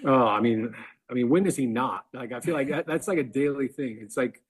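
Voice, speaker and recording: A man's voice: medium pitch, fairly quick, breathy edge. A man chattily telling a funny story as a guest on a sports podcast. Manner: chatty, full of "like" fillers. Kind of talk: casual storytelling.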